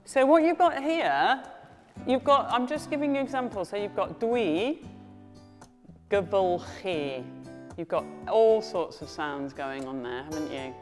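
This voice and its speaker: A woman teaching a beginners' language class, encouraging and repeating phrases slowly for learners to copy. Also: on the high side, lively intonation. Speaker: Welsh language tutor. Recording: reverberant room with faint guitar music.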